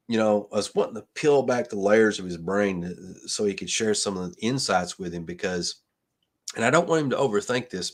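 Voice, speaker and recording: Rambling, earnest man hosting a late-night stream. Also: deep voice. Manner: rambling, with many restarts and fillers; earnest, motivational sign-offs. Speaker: livestream host. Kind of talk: casual livestream chat.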